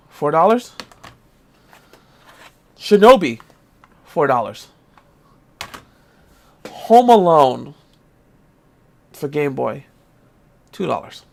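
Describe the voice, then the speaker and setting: A man hosting his retro gaming vlog, ranting in exasperation, swearing casually and coughing now and then. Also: fairly high pitch. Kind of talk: casual vlog rant and show-and-tell.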